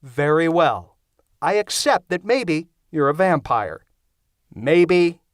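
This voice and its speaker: Sarcastic skeptical young dude voiced by a man reading an audiobook, dry deadpan jabs, pitch jumping all over, dead dry sound. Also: takes it slowly, no room sound.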